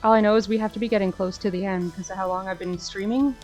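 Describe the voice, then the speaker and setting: A young woman streamer making casual, amused asides as she plays a game, often trailing off quietly. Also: mid-range voice, steady tone, fast talker, soft background music.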